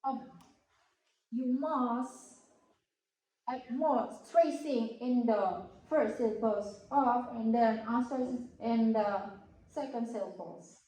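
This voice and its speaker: Woman explaining a lesson, slow and careful, kinda high voice, super echoey room. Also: dark tone. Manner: slow, halting, careful over each word. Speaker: student presenter. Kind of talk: classroom explanation.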